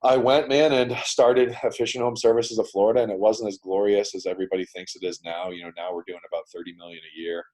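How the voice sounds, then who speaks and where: Deep-voiced blunt man telling his story. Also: fairly even intonation, fast, hardly any pauses, a little mellow. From Canada. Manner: blunt, profane, swaps in "man" and "dude". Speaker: guest entrepreneur. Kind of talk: casual storytelling interview. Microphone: video call.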